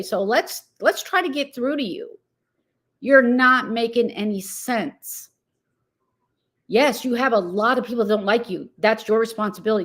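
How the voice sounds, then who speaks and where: Woman commentary host, slightly high voice, irritated and disbelieving. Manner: irritated, incredulous, addresses target directly. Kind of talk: exasperated commentary rant.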